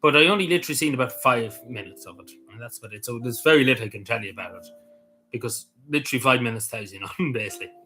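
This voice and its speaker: A man with a Cavan Irish accent talks loosely on a livestream, circling back over the same point and answering viewers' messages as they come in. His voice sits at an ordinary middle pitch, with quiet music playing somewhere behind him. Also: racing, low-quality recording. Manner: rambling, repeats himself, answers chat messages. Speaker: livestream host. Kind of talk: casual livestream chat.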